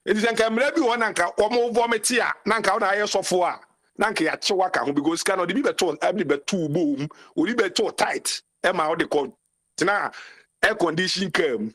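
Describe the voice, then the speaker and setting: A Ghanaian-accented man speaks in a notably high register, calling in to a talk show. His delivery is impassioned and ranting, and he hammers his points home by repeating phrases. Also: a little fast, a bit bright. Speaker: caller. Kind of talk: call-in commentary mixing Twi and English.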